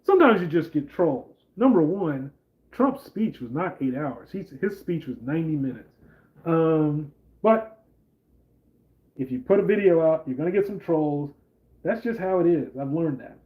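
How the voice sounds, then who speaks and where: On a casual political livestream, a male host rambles along, peppering his talk with "like" and reading viewer comments aloud. His voice is a little high and expressive, delivered at normal speed with phone-quality sound.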